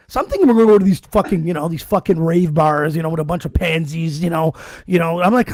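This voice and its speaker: A high-voiced man spins a wild night-out story for a podcast, cursing freely and acting out each line of dialogue. The sound is close and dry. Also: fast, few pauses, no echo. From Canada. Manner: animated, profane, acts out quoted dialogue. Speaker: podcast co-host. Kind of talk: casual storytelling chat.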